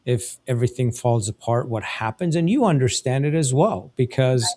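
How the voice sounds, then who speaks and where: A man's voice: medium pitch, animated, moderate pace, warm tone. A man in his fifties hosting a live interview show, giving advice in a reflective and earnest way. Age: 50s. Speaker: host.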